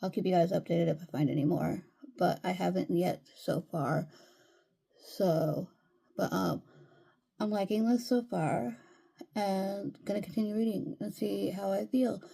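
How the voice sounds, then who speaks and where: A woman chats through a relaxed home vlog about her reading, wandering from thought to thought with plenty of fillers. Her voice sits fairly low and has a gravelly, husky grain. She speaks slowly and easily. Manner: easygoing, rambling with many fillers. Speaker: reading vlogger. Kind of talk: casual vlog update.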